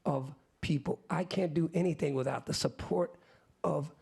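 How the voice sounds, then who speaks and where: A man in his fifties, his voice gravelly and a little husky, sits slightly high for a man. He spins a long story on stage in loose slang, talking straight to the crowd now and then. He mimics the people in his tale as he tells it. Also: moderate pace. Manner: animated, acts out other people's lines in quotes; casual slang-filled talk with asides to the audience. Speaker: musician guest. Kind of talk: live storytelling to an audience.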